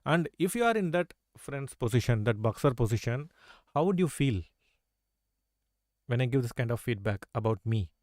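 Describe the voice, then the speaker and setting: A man's voice: medium pitch, big pitch swings, moderate pace, a little mellow, dry recording, clean studio sound. A man teaching a live chess lesson, coaxing his students with rhetorical questions and constant "right?" and "okay?" checks. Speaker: chess coach.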